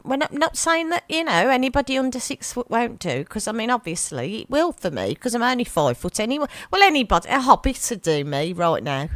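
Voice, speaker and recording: This Birmingham-area radio host talks a little fast with few pauses, her voice fairly high in pitch and free of echo. With her Birmingham accent she tells a chatty local anecdote, animatedly acting out the voices in quotes.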